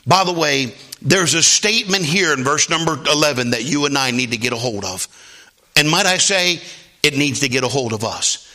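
A male pastor delivering a sermon, swinging between quiet low asides and high, shouted exclamations. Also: animated, moderate pace. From Philadelphia area.

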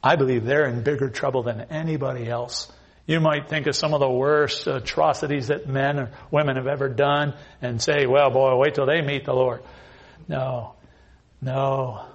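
Husky-voiced man preaching a fiery sermon. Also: steady tone, normal speed, dull audio. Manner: swings from quiet earnest asides to loud raised pitch; repeats phrases and quotes scripture emphatically.

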